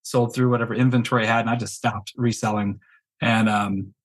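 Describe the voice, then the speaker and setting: Husky man telling his story candidly. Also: fairly low pitch, fairly even intonation, a little fast, rough recording. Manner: candid storytelling with many fillers. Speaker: guest, business coach. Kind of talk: casual interview chat.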